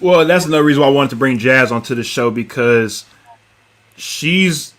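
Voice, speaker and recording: A man's voice: medium pitch, moderate pace, fairly bright tone. A man hosting a casual talk show, steering the talk and handing topics to guests. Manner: steers conversation, introduces guests. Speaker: show host.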